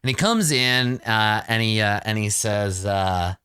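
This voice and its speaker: A man narrating as game master of a tabletop game, animated and quick to laugh. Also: lowish voice, clean tone, dry recording, studio quality. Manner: animated, laughing often, halting with restarts.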